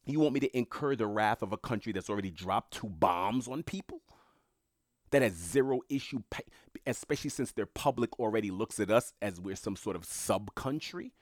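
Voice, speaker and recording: A man's voice: lowish voice, animated, moderate pace, no room sound, clean studio sound. A man speaking his mind in an opinionated monologue, arguing hard and repeating points for emphasis, his voice leaping up when he gets worked up. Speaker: political commentator.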